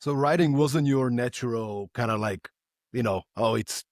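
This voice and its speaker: A man hosts a podcast interview, asking questions casually and repeating words as he gets going. His voice sits at a medium pitch. The sound is close and dry. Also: darkish tone, no echo. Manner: halting, repeats words when starting questions. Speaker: podcast host.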